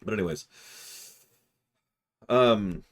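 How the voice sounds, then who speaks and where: A man's voice: lowish voice, slow pace. A man streaming a game and chatting with his viewers, rambling as he works through puzzles aloud. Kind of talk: casual livestream commentary.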